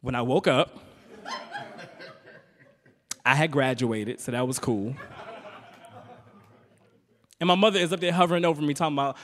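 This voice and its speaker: A man's voice: medium pitch, moderate pace, pauses often, fairly bright tone. A man from Richmond, Virginia, telling a comic story on stage and teasing the crowd with frequent asides. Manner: conversational, teasing the audience with frequent "right?". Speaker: comedian and spoken-word poet. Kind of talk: stand-up comedy storytelling. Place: stage in a hall. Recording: long reverb of a performance hall.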